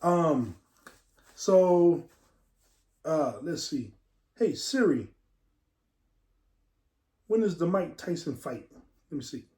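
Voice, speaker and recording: Male host, digressive casual chat, unhurried, echoey room. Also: fairly high pitch, lively intonation, mellow. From West Texas. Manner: rambling, digressive, talks straight to viewers. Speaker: show host. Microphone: camera mic.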